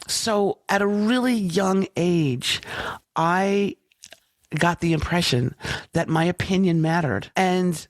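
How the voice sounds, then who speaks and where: A woman in her sixties, a branding coach, guest on a podcast, telling personal stories in an animated way with wide swings in pitch. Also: dry recording, clean studio sound. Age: 60s. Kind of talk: conversational storytelling interview.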